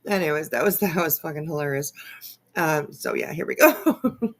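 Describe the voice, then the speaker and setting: A woman's voice: low-pitched, animated. A woman hosting a casual live stream, reacting to a clip with frequent laughter and free swearing as she chats with viewers. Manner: laughs often, swears freely, talks slowly. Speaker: streamer host.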